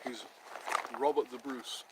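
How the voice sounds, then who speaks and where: A man's voice: mid-range voice, fairly even intonation, takes it slowly, heavy background noise. A man chatting casually on his own vlog, joking around and slipping into a mock tough-guy way of talking. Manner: laughs at his own jokes. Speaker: vlogger.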